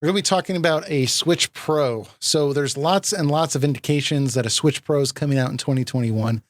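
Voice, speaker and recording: A man hosting a casual gaming podcast, enthusiastic and laughing often, with quick asides. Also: on the high side, no room sound. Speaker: podcast host.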